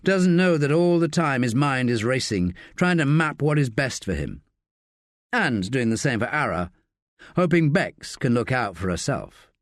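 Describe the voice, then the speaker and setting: A man narrating an audiobook in a measured, expressive way. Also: medium pitch, no room sound, studio quality. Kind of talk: scripted narration.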